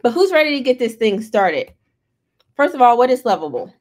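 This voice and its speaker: Woman host, bubbly live-stream presenter, slightly high voice. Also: sing-song, fairly quick. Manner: bubbly, chatty, reading out the chat. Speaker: livestream host, head of community. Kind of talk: excited live stream hosting. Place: Atlanta.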